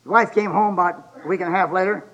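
A man in his seventies preaching a sermon in a folksy, joking way, telling stories and building up to loud exhortation. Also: high-pitched, fast talker, muffled recording. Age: 70s.

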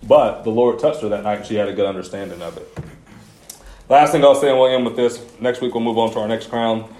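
His mid-range voice is mellow and quick as this youth pastor delivers a sermon to a youth group. He tells personal stories in a casual, conversational way with slangy asides, and the recording has an echoey room sound.

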